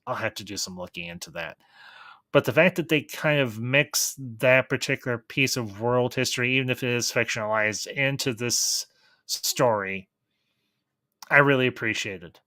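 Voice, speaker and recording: A man giving a casual, enthusiastic review of a TV series, pausing and restarting as he thinks aloud. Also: mid-range voice, pushed and bright, no room sound. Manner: thoughtful, enthusiastic, with frequent restarts. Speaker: film reviewer.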